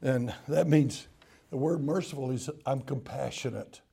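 A man preaching a sermon as pastor, swinging from loud calls to hushed tones and repeating words in bursts. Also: medium pitch, unhurried, vocal fry, husky.

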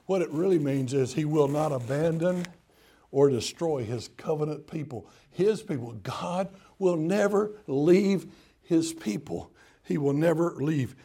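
A gravelly, husky man preaching a sermon in a fairly high voice. He moves between loud calls and hushed, tender tones. He restarts his words in quick bursts. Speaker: pastor.

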